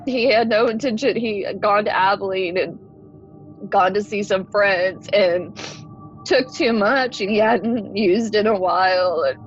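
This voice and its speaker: A woman's voice: medium pitch, a little slow, lo-fi sound, faint music behind. A woman in her forties from Texas, telling a personal story as a podcast guest in a conversational way, full of "like" fillers.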